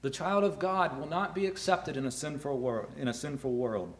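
A middle-aged man preaching a sermon to fathers, earnest, rising loud on key words and dropping low. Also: moderate pace. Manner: earnest, rises loud for emphasis then drops low. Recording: echoey room.

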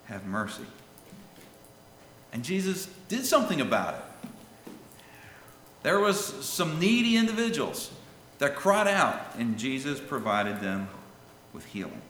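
Dramatic preacher in an echoing hall. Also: male voice, on the high side, very animated, measured pace, pauses often, a little hiss or hum. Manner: dramatic, swings between loud calls and hushed lines; reads scripture in King James wording. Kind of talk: sermon. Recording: echoey hall with long reverb.

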